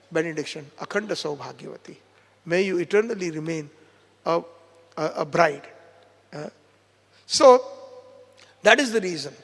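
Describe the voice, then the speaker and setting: A man's voice: sits high, big-room sound. A man tells a devotional story at a seminar. He quotes the characters in his own voice. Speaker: preacher giving a seminar. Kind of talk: storytelling sermon.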